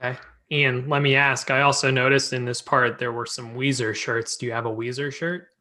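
A man's voice: mid-range voice, brisk. A man hosting a casual chat, reading through his notes on a skate video and cracking jokes. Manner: relaxed, jokey, reads from notes. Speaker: podcast host.

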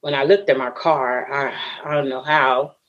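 Woman, low pitch, interview guest, earnest personal storytelling, emotional. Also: steady tone, normal speed, lo-fi sound. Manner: earnest, emotional, often voices what others said.

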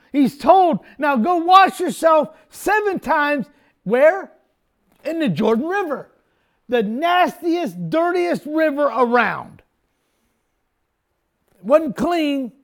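An older man preaching a sermon as pastor, telling the story emphatically and sometimes breaking into shouts. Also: extremely high pitch.

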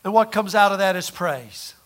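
High, bright-voiced folksy preacher man. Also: normal speed. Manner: folksy, repeats words, rhetorical questions, swings loud and soft. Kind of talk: sermon.

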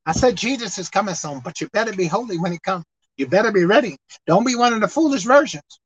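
A man preaching a fiery sermon, repeating lines for emphasis, reading scripture slowly, and breaking into shouts. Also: high voice, animated, breathy edge, no room sound. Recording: dull lo-fi dry recording.

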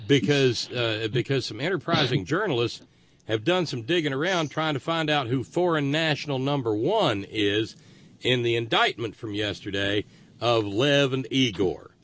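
A man's voice: mid-range voice, animated, normal speed, a bit bright. A man, co-hosting casual podcast banter in a joking, folksy, rambling way.

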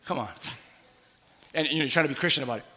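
Animated male preacher in a reverberant church. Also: fairly high pitch, racing. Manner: animated call-and-response preaching, swings from shouts to hushed asides. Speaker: pastor. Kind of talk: sermon. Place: church sanctuary. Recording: long hall reverb.

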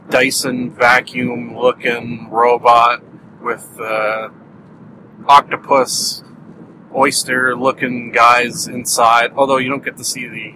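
A man's voice: medium pitch, sharp tone, slight background noise, poor audio. A Canadian man hosting a podcast, rambling through a solo review chat and laughing at his own jokes. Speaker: podcast host.

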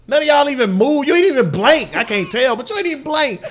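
A man hosts a casual podcast, his voice pitched high and moving all over the place. He jokes around and laughs freely as he talks. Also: quick pace. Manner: animated, joking, often laughing. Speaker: podcast host.

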